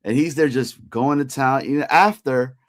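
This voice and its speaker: A man's voice: medium pitch, moderate pace. A man chatting casually on a sports show, recalling a meal in a laid-back way. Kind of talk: casual chat.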